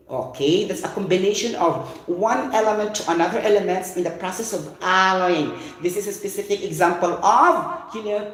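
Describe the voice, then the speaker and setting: A middle-aged man with a Filipino accent, giving an informal science lecture online. He talks in an animated, chatty way and keeps saying "you know" and "okay". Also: sits high. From Philippines. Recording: very echoey room.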